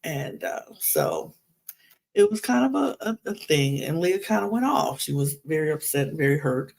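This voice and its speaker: A woman's voice: low-pitched, wildly swooping pitch, moderate pace, vocal fry, a little mellow. A woman hosting a podcast, recapping a reality show in a chatty, rambling way with many fillers. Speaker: podcast host.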